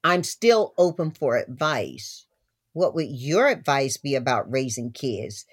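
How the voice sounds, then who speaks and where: Expressive older woman telling stories. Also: extremely low pitch, unhurried, slightly rough. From Southern United States. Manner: expressive, laughing storyteller, warm asides. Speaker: guest. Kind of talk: storytelling interview talk.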